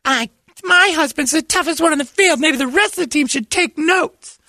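A woman's voice: high-pitched, moderate pace, bright, forceful tone, no echo, clean studio sound. A woman co-hosting, playfully bantering in a mock-defensive tone. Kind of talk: casual banter.

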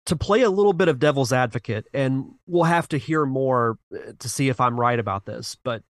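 A man's voice: mid-range voice, lively intonation, brisk, no echo, clean studio sound. A man co-hosting a podcast, chatting casually and earnestly about games and movies, often restarting his sentences as he reasons aloud. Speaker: podcast co-host.

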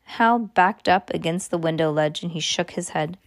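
A woman narrates a first-person story in a steady, earnest tone. Her voice sits on the low side. The recording is close and completely dry. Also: moderate pace, dry recording. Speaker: audiobook narrator.

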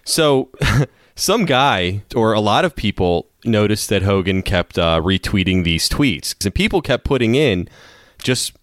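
A low-voiced man co-hosting a casual sports podcast, his pitch swinging widely as he rambles through a story. He laughs often, and the sound is close and dry. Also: animated, measured pace, dry recording. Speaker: podcast co-host.

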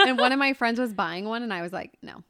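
A woman co-hosting a podcast in casual chat, chiming in with quick jokes and agreement. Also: fairly high pitch, bright, forceful tone, no echo, studio quality. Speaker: podcast co-host.

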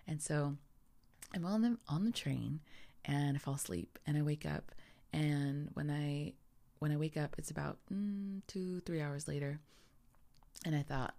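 A woman with a low, gravelly voice tells a casual personal story. Her tone is dark and mellow. She acts out her own panic in lively quoted asides. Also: unhurried. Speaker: photographer telling a travel story.

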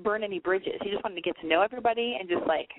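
A woman's voice: mid-range voice, very fast, noisy background. A young woman hosting a call-in advice show, talking bluntly with lots of swearing and rambling asides. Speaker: call-in radio advice host. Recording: phone-line quality, dry.

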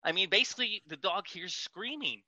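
A man's voice: sits high, animated, a little fast, bright, forceful tone, no echo. A man, a podcast sound engineer, ranting in casual talk and mimicking screaming people. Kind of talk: casual rant.

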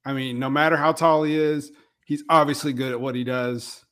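A man's voice: on the high side, fairly even intonation, moderate pace, fairly bright tone. A man co-hosting a sports podcast, agreeing easily and hesitating with frequent ums. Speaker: podcast co-host. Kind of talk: casual sports chat.

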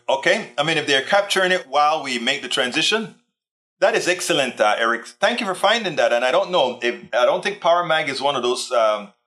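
A man's voice: on the high side, bright, forceful tone. A man hosting a casual live stream, chatting in a rambling way and reading out viewer comments. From Texas. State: tired, sore back. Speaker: livestream host.

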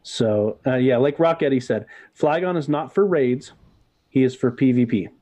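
A man's voice: mid-range voice, normal speed, warm tone, no echo. A man co-hosting a podcast, explaining things in a hesitant way with many fillers. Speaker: podcast co-host. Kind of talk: casual podcast chat. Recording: dull, dry sound.

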